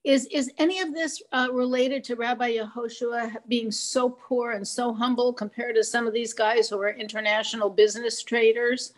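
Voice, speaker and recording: A woman's voice: a little high, steady tone, normal speed, hardly any pauses. A woman taking part in a class, asking the teacher a question. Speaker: class participant.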